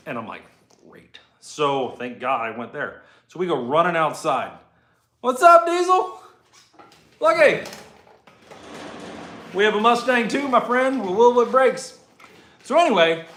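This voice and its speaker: Animated man in his forties, echoey shop. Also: medium pitch. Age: 40s. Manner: animated, swearing, retells with quoted voices. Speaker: shop owner vlogger. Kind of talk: casual storytelling to camera. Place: garage workshop.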